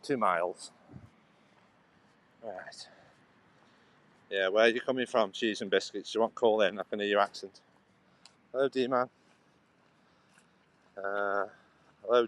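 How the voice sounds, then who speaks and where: A man rambles casually to his livestream viewers while walking along an outdoor path, his voice sitting on the low side. He talks into a phone as he goes, and passing traffic can be heard behind him. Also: steady tone, a little slow, long pauses, a bit bright. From England. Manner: rambling, chatty, answers viewers' comments. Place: outdoors on a cycle path beside a road.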